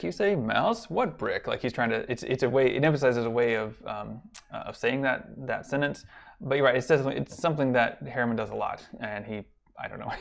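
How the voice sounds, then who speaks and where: A man's voice: mid-range voice, creaky. A man teaching a college class online in a loose, rambling way, with many fillers and restarts. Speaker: college instructor. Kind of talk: casual online lecture.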